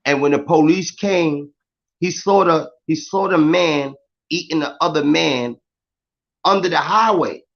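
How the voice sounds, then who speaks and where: A man in casual chat, telling stories in an animated, emphatic way. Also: fairly high pitch, unhurried, creaky. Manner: animated, emphatic street storytelling. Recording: dull lo-fi sound.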